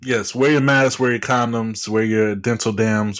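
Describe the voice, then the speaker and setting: A man's voice: on the low side, a little slow. A man co-hosting a casual chat, playful and joking. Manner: playful, joking, lively delivery. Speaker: podcast co-host.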